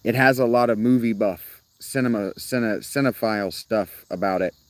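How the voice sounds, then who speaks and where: Outdoors in a rural spot with crickets, a man chats casually with his live-stream viewers, rambling, interrupting himself to restart sentences, and laughing a lot. His voice is on the low side at a moderate pace, with no echo.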